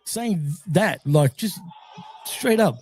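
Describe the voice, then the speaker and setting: A man with a high, mellow voice talks loosely through a live stream. He rambles, curses freely and laughs between his sentences. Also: animated, slow pace, husky. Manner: rambling storyteller, swears a lot and laughs often. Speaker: stream host. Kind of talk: casual live-stream chat.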